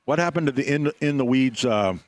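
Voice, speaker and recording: A man's voice: mid-range voice, lively intonation, a little fast, dry recording. A man co-hosting a radio show from the studio, bantering casually with wry, joking comebacks. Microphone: studio microphone.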